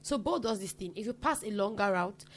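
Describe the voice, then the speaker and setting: A young woman with a Nigerian accent, a podcast guest telling funny everyday stories in a casual, animated way and laughing often. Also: mid-range voice, brisk. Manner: animated, acts out quoted people, laughs often. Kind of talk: casual storytelling chat.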